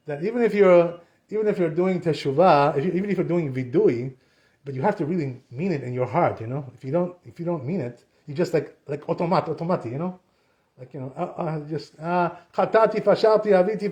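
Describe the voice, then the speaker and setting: High-voiced man teaching a casual Torah class. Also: a little mellow. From Sephardic Jewish community. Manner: conversational, repeats "you know" and acts out quotes.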